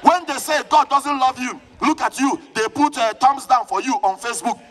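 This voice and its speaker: This is a live church sermon from a man with a Nigerian accent, pitched very high and spoken at normal speed. He preaches with fervor, frequently shouting and calling back to the congregation.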